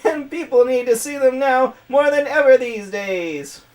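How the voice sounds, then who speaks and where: Streamer doing a shrill cartoon-villain Skeletor voice. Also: measured pace. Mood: melodramatic. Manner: shrill, melodramatic and shouty. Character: temple priestess doing a hammy villain voice. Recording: distant mic with music behind.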